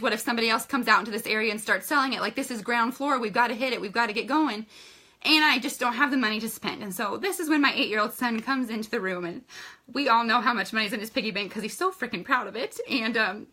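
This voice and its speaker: Bright-voiced woman sharing an earnest story. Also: fairly high pitch. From Colorado, United States. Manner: earnest and emotional, addresses viewers as "you guys". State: tearful at times. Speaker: makeup seller sharing her story. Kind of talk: personal testimony on a livestream.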